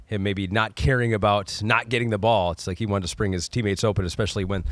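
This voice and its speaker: Low-voiced guy cohost, laid back, chill football chat, dry close sound. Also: steady tone, fast talker, no room sound. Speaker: podcast co-host.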